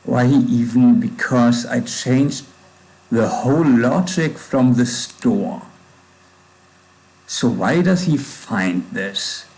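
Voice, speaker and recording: A man's voice: mid-range voice, takes it slowly, darkish tone, rough recording. A man with a German accent, casually thinking aloud while coding on a livestream, with hard consonants. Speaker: livestreaming programmer.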